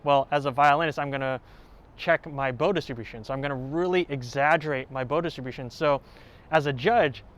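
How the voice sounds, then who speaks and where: A man who plays violin, hosting a tutorial and calmly explaining step by step, now and then singing short examples. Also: mid-range voice, a little fast. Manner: clear, explanatory, with sung examples. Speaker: violin teacher and channel host. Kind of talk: instructional talk to camera. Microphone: home recording setup.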